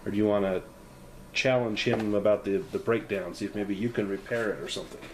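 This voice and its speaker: A man's voice: fairly low pitch, fairly quick, slight background noise. A man narrating a solo tabletop game as game master, reading prose and chatting casually. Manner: expressive, reads prose then chats casually. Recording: faint ambient music behind.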